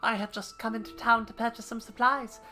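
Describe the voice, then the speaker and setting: A woman's voice: fairly high pitch, little pitch movement, fairly quick, sharp tone, faint music behind. A woman voicing a young woman who poses as a meek, politely pleading milkmaid. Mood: prim. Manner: prim, overly polite pleading.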